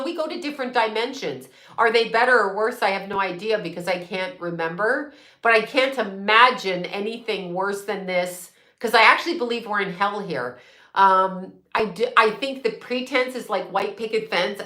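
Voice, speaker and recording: A woman's voice: a little high, bright, forceful tone, roomy sound. A woman host ranting in a blunt, profane, sarcastic way, laughing often as she chats to her viewers. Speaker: psychic medium host. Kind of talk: casual live-stream rant.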